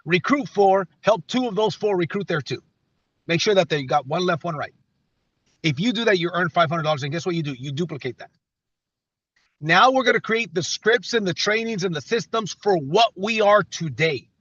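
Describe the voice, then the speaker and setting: A man's voice: high-pitched, animated, normal speed, a bit bright, slightly rough, no room sound, muffled recording. A man leading a team call with an emphatic motivational pep talk, repeating phrases and restarting sentences. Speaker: company leader on a team call.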